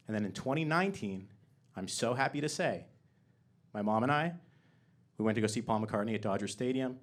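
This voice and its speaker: A young man performing a stand-up comedy set on a theater stage, moving from soft, sincere build-ups to loud, excited punchlines into a handheld microphone. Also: on the low side, fairly quick. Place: theater stage before a live audience.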